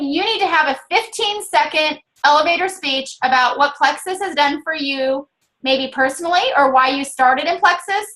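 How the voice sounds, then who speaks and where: A woman with a Southern US accent co-hosting a casual chat, earnestly coaching others on how to pitch a business. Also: normal speed, a bit bright, poor audio. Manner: earnest, coaching, many fillers. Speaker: network marketing co-host.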